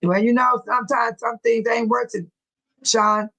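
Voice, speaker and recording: A woman with a high voice hosts a relaxed livestream. She reads news articles aloud and breaks off to talk back to her viewers in the chat. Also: measured pace, low-quality recording. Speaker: livestream host.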